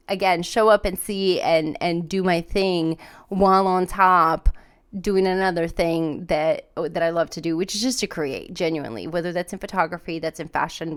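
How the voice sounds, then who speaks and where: A woman hosting a podcast, telling a personal story in a casual, animated way, full of fillers and restarts. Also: smooth. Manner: acts out her own panicked voice in high pitch. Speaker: podcast host.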